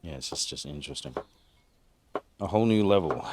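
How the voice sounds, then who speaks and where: A man's voice: rumbling low, lively intonation, fairly quick, a little hiss or hum. An Australian man streaming live from his home garage, chatting casually and candidly in a rambling way while he cooks. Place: single-car garage at home.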